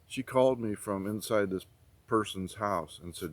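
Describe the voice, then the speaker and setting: A middle-aged man with a fairly low voice tells a personal story in a folksy, rambling way. He keeps circling back with "I said" as he retells old conversations. Faint noise and birdsong sit behind him outdoors. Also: steady tone, normal speed. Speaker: prepping channel host. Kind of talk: casual storytelling.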